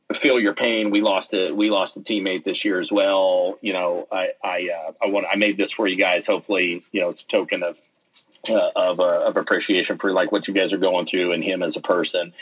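Brief: male guest, low husky voice, chatty storyteller acting out quotes. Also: poor audio. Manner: animated storytelling, acts out quotes, many fillers and restarts. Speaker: interview guest, pennant maker and player. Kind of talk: casual storytelling in an interview.

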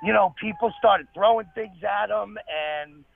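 A high-pitched man with a gravelly edge tells comedy stories with animated energy and quick asides. He sounds like he's on a tinny phone line, dry and close. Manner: animated anecdotes, fast asides. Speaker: comedian guest. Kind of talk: storytelling interview.

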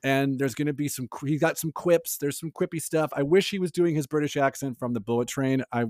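Animated man in a dry-sounding podcast chat. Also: a little high, a little fast, no room sound. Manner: animated, laughs often, lots of fillers. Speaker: podcast co-host. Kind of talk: casual pop-culture chat.

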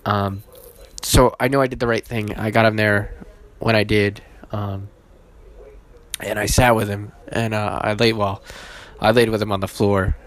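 A man hosting his own podcast, casual and halting, with many fillers and restarts, emotional and holding back tears. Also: fairly low pitch, little pitch movement. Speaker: podcast host.

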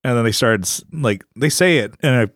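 Male co-host from California, loose rambling storyteller who laughs a lot, mid-pitched voice, dry close recording. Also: animated, moderate pace, fairly bright tone, no echo. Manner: rambling, laughs often, puts on voices for quotes. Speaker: podcast co-host. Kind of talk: casual chat.

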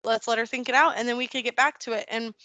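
A woman's voice: on the high side, steady tone, quick pace, bright, forceful tone, no echo. A woman in her thirties, a podcast guest, chatting candidly and emphatically, laughing often. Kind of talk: casual conversation.

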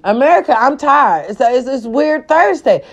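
A woman's voice: sits high, sing-song, moderate pace, highs cut off. A woman delivering an impassioned vlog rant. She is blunt and profane, and she repeats her phrases for emphasis. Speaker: vlogger.

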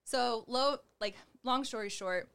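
A woman's voice: on the high side, takes it slowly, gravelly, a bit bright, clean tone. A young adult woman telling her personal faith testimony in conversation. She talks chattily, fills her speech with "like", and acts out the lines she quotes. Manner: chatty, heavy use of "like", acts out quoted dialogue; gestures while talking. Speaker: guest sharing her testimony.

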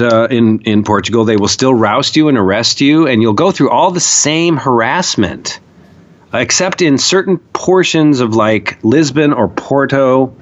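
A man's voice: mid-range voice, highs cut off. A man telling stories as a podcast guest, rambling and profane, full of fillers. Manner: profane, rambling, animated storyteller with many fillers. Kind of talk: casual storytelling conversation.

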